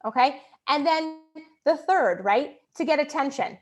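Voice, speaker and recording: A middle-aged woman child psychologist giving a talk to parents, quick and conversational, often tagging "right?" and acting out children's demands. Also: lively intonation. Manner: quick conversational, frequent "right?" tag questions; acts out children's whiny demands in a high voice.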